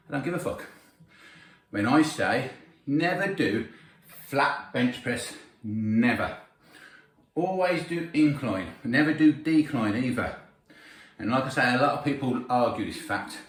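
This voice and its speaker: A man talks through his training in a blunt, opinionated way, swearing freely as he makes his points. His voice sits at an ordinary middle pitch. It bounces around a roomy gym and comes from some distance from the microphone. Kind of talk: casual workout vlog talk.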